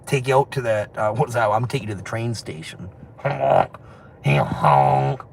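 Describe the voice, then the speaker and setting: A man's voice: medium pitch, a little fast, gravelly, darkish tone, a little hiss or hum. A man chatting casually on a livestream, rambling, swearing and laughing often, talking into a phone. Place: outdoors on city streets.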